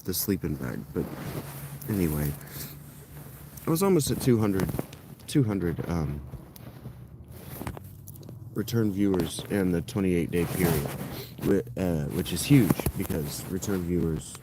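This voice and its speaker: A man chatting casually on a phone livestream from inside a wet tent, rambling, apologetic and quick to get frustrated. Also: low voice, animated, background noise. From Ohio. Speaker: livestreaming creator. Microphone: phone camera set down close.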